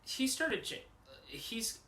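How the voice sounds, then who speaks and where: Chatty young man, bright voice. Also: extremely high pitch, sing-song, slow, reverberant. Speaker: podcast co-host. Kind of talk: casual podcast chat.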